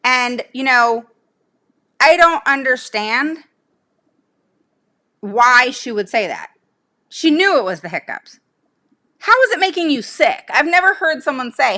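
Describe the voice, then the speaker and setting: A woman's voice: high-pitched, big pitch swings, unhurried, long pauses, sharp tone. A woman talking casually to her viewers as a special education advocate, emphatic and indignant, firing off rhetorical questions. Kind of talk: casual livestream talk to viewers.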